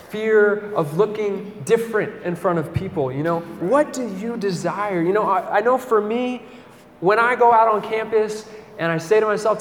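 Young man, campus sermon, casual and animated; high voice, roomy hall with faint ambience. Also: a little hiss or hum. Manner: conversational, keeps asking "right?", animated storytelling. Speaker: campus ministry speaker. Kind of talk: sermon talk with personal story.

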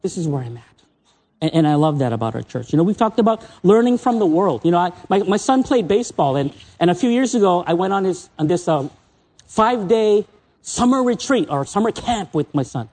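A man preaching a sermon in a church as a visiting preacher, emotional and personal, swinging between excited highs and soft, low asides. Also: brisk.

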